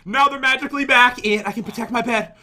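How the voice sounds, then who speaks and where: A young man co-hosting casual game commentary, excitable and quick to laugh or yelp when things go wrong. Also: very high-pitched. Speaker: gaming channel co-host.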